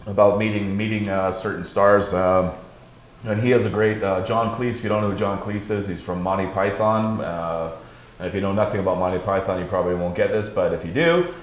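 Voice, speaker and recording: A man's voice: low-pitched, fairly even intonation, brisk, slight background noise. A man hosting a casual talk show in a pub, telling rambling stories full of restarts. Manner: rambling, many fillers and restarts. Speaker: host. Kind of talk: casual bar chat. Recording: roomy pub recording.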